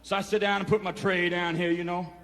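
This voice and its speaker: A man's voice: high voice, level tone, a little fast, fairly bright tone. A man telling a rambling, profane story to a room of inmates, drawling and peppering every phrase with "you know", recorded for a 1970s film. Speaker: performer addressing inmates. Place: prison hall. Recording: reverberant hall, 1970s film sound.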